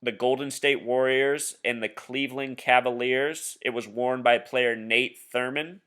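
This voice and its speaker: A man's voice: medium pitch, fairly even intonation, a little slow, fairly bright tone, smooth. A man talking casually over a screen share, insistently explaining his theories and addressing the viewer directly. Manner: insistent, conspiratorial; addresses viewer as "Truth Seeker". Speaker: video blogger.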